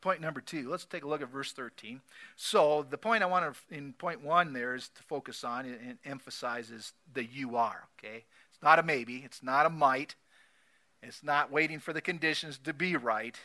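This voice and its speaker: A man preaching a sermon, repeating key phrases emphatically and swinging between loud declarations and soft asides. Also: medium pitch, moderate pace. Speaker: pastor.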